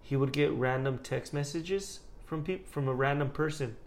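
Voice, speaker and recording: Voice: medium pitch, normal speed. A young adult co-host in casual podcast chat, telling a story in a rambling way full of restarts.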